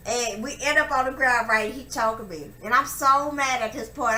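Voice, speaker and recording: Young woman, profane, emphatic storytelling, bright forceful voice, echoey room, faint background noise. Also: a little high, normal speed, few pauses. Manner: profane, emphatic, acts out quotes loudly. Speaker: vlogger telling a personal story. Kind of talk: candid storytelling monologue.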